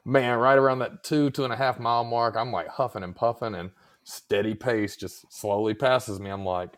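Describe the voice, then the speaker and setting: A man's voice: mid-range voice, fairly even intonation, moderate pace. A man hosting a podcast in casual chat, slightly scratchy in the throat, rambling, swearing freely and poking fun at himself. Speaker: podcast host.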